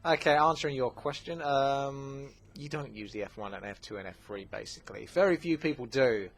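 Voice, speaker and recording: The speaker, a gaming channel host, casually responds to viewer questions, talkative and full of fillers and rapid asides. His voice is medium in pitch and creaky.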